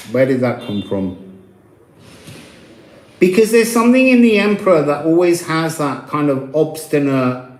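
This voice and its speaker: A man's voice: fairly high pitch, a little mellow. A man giving a tarot reading for his channel, talking in a meandering, mystical way and stopping now and then to correct himself. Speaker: tarot reader. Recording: echoey room.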